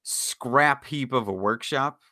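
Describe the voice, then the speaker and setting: A man's voice: mid-range voice, takes it slowly, bright, forceful tone, no room sound, clean studio sound. A man co-hosting a casual podcast, telling a rambling story with frequent self-corrections. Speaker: podcast co-host. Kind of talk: casual chat.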